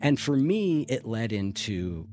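A man's voice: medium pitch, sing-song, slow. A middle-aged man speaking candidly in an interview, reflective and earnest, with the odd restart. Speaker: interview guest in addiction recovery.

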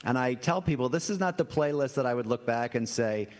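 A man's voice: medium pitch, lively intonation, a little fast. A man in his sixties, a priest guest, telling anecdotes with self-deprecating chuckles. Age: 60s. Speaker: priest guest on a comedy quiz show. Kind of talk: storytelling interview answers.

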